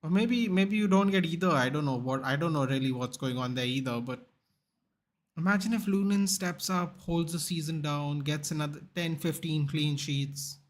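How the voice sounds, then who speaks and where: A man's voice: fairly high pitch, moderate pace. A young man hosting a live football watchalong, reacting casually to the match and chatting with viewers. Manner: animated, chatty, reacts to the game and reads chat.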